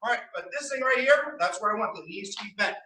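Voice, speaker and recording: High-voiced man firmly barking drill counts. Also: lively intonation, fast, pushed and bright. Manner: firm, commanding, counts drills aloud. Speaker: martial arts instructor. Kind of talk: leading an online class warm-up. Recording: echoey room, mic far off.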